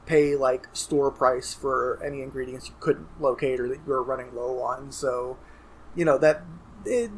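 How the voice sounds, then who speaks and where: A man's voice: medium pitch, measured pace, a little hiss or hum. A man co-hosting a casual gaming podcast, chatty and rambling, often restarting his sentences. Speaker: podcast co-host.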